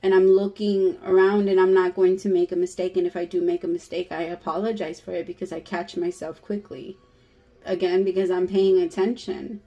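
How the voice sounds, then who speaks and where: A woman's voice: lowish voice, little pitch movement, fairly quick, warm tone, dull audio. Candid woman giving a casual tarot reading. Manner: candid, swears freely, talks straight to viewers. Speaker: tarot reader.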